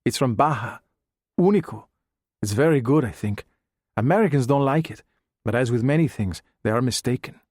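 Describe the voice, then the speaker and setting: A man's voice: medium pitch, animated, normal speed, a little mellow, dry recording, clean studio sound, lightly acted. A man voicing a sly, courteous spymaster with a Spanish accent. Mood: wry. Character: suave middle-aged Chinese spymaster, calm and sly.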